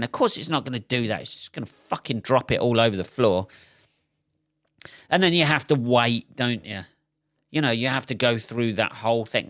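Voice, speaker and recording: A man's voice: mid-range voice, expressive, normal speed, fairly bright tone, no echo, clean studio sound. A man hosting a solo podcast, telling an exasperated, sweary comic story. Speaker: podcast host. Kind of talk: solo comedic rant.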